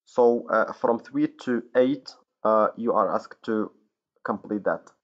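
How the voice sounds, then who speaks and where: A man from Morocco teaching an English grammar lesson, pausing often with fillers and correcting himself, in a dull lo-fi recording. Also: lowish voice. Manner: hesitant, many fillers and self-corrections.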